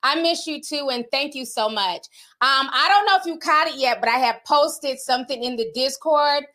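Bright, chatty woman livestreamer. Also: high-pitched, normal speed. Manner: chatty, candid, outspoken. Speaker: livestreamer reading viewer donations. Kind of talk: casual livestream chat.

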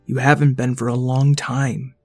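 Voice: medium pitch, level tone, normal speed, darkish tone, no room sound, soft background music, natural voice. A performer voicing a precocious boy who insists earnestly that something is wrong. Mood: insistent.

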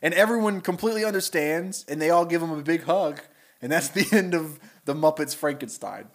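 Animated young man telling a story. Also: on the high side, brisk. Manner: animated storyteller, does silly character voices. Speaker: podcast co-host. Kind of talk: casual chat, pitching a story.

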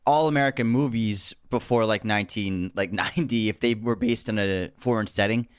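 A man's voice: lowish voice, a little fast, clear, resonant tone, dry recording. Chatty man on a dry mic. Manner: chatty, laughs often, restarts sentences. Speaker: podcast co-host. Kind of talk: casual film discussion.

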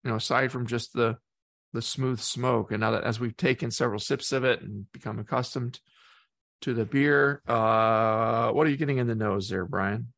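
A man's voice: medium pitch, steady tone, moderate pace, creaky, fairly bright tone, no echo. A man co-hosting a casual beer-tasting podcast, reading facts aloud and hesitating often with fillers. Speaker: podcast co-host.

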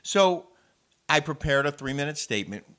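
A man's voice: on the high side, animated, moderate pace, fairly bright tone. A man co-hosting a casual talk show, telling a story with building indignation. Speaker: show co-host. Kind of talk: casual chat.

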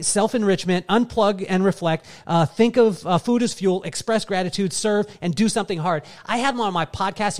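Earnest higher-voiced man telling a story. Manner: earnest, personal storytelling addressed to the audience. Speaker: motivational speaker. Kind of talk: live keynote storytelling.

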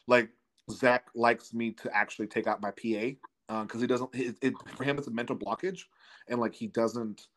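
Man, co-host, frank, halting, casual chat. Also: medium pitch, fairly even intonation, fairly bright tone, a little hiss or hum. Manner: frank, halting, with fillers and light laughs. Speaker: podcast co-host.

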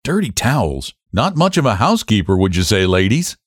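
A man's voice: fairly low pitch, big pitch swings, brisk, dry recording, clean studio sound. A man voicing a smug, patronizing young county attorney in an audiobook.

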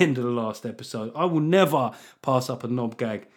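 A man's voice: mid-range voice, animated, a little fast. A male comedian hosting his podcast, reading listener reviews with wry, self-mocking asides. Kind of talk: casual comedic chat.

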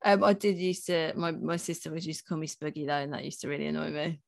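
A woman's voice: low-pitched, fast, creaky. A woman in her thirties co-hosting a podcast, rambling chattily and laughing often. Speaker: podcast co-host. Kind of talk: casual chat.

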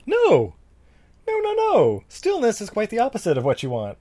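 A man's voice: high voice, huge pitch swings, normal speed, mellow. A man co-hosting a casual podcast, recapping a movie. He rambles, swears freely, and fills his talk with likes and uhs. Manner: rambling, profane, lots of fillers. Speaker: podcast co-host.

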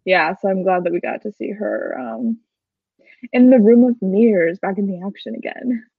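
A woman co-hosting a podcast chats enthusiastically in a casual fan recap, her mid-range voice slightly rough with vocal fry. She's animated, tossing in quick asides with laughs. The recording is dry, dull, and lo-fi with no room sound.

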